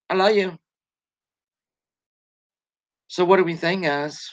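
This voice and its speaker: A woman's voice: lowish voice, a little fast. A woman hosting a casual gossip livestream, rambling and greeting viewers as she tells the story. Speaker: show host. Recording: lo-fi dull sound.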